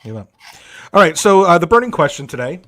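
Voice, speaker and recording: A man's voice: a little high, big pitch swings, brisk. A man hosting a casual comedy podcast, crude and joking in a mock-serious way. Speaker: podcast host.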